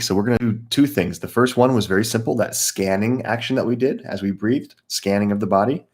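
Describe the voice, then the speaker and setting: A man teaching a live guided meditation class, calmly explaining breathing techniques and greeting viewers by name. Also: fairly low pitch.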